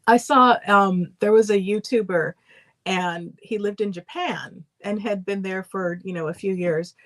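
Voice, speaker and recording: Woman calmly explaining her point of view. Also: mid-range voice, unhurried. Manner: thoughtful, explains at length with fillers. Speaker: livestream co-host. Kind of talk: casual chat.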